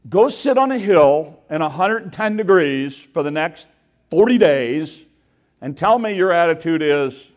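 A male pastor delivering a sermon in a church, talking to his congregation as if chatting with them. His pitch swings freely up and down as he tells the story and keeps putting questions to the room. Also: expressive, moderate pace. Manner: conversational, asks the congregation questions. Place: church sanctuary.

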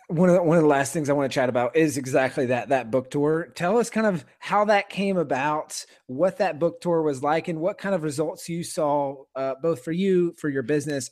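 A man's voice: on the high side, normal speed, a little mellow. A man hosting an interview, asking friendly questions. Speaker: interview host. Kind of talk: casual interview chat.

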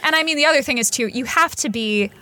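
Young woman, from the US, bubbly, laughing, podcast chat, high voice, dry sound. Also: fast talker, sharp tone, no room sound. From United States. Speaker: podcast co-host. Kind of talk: casual chat.

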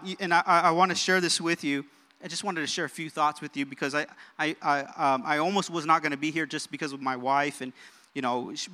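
A young man preaching a sermon in a church, energetic and calling out for amens from the crowd. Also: fairly high pitch. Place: church sanctuary. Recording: reverberant church hall.

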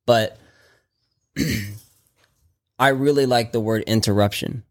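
A man's voice: mid-range voice, fairly even intonation, slow pace, darkish tone. A man chatting casually as a dog trainer on a podcast, loose and rambling with many restarts. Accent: Texan.

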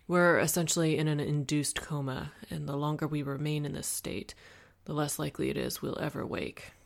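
A woman reading the part of a calm, serious young gentleman in an audiobook. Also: low voice, vocal fry. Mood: grave. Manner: measured, grave.

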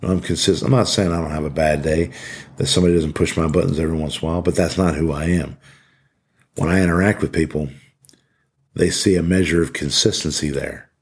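A middle-aged man with a very low, husky voice gives a motivational talk. He speaks earnestly and with emphasis, repeating his key points to drive them home. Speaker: podcast host speaking to corrections officers.

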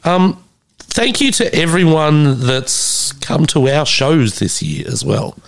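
Rambling sweary man, gravelly. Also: on the high side, animated, slow pace. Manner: rambling, sweary, with many ums. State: recovering from covid. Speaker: podcast host. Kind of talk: casual solo podcast sign-off.

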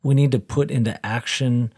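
A man's voice: mid-range voice, fairly even intonation, moderate pace, darkish tone, slightly rough. A middle-aged man co-hosting a faith-based podcast, talking earnestly and repeating phrases for emphasis like a preacher. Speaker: podcast co-host.

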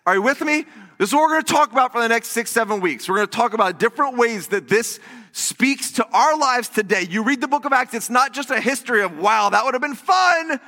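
An extremely high, fast male voice preaches in a church sanctuary with a big-room sound. The pastor tells lively stories and plays out the quotes in character.

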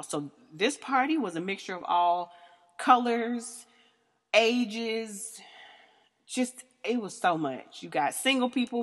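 A podcast host in her thirties tells a candid story in a blunt, crude way, laughing as she goes. Her voice is medium-pitched and a bit bright, with long reverb on the recording.

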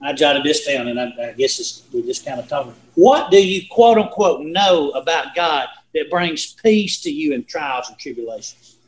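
A man's voice: on the high side, expressive, normal speed. A man in his sixties leading a casual Bible study, talking in a folksy, rambling, storytelling way. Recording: echoey room.

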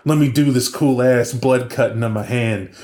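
A man's voice: mid-range voice, fairly even intonation, normal speed, darkish tone, roomy sound, close to an everyday voice. A man voicing a brash, vengeful young male vampire cultist in a casual retelling of a tabletop game. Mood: boastful.

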